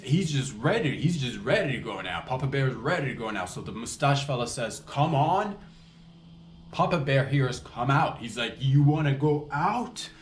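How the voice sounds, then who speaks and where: A man's voice: mid-range voice, reverberant, slight background noise. A man hosting a comedy podcast, telling a story with many restarts and acted-out quotes.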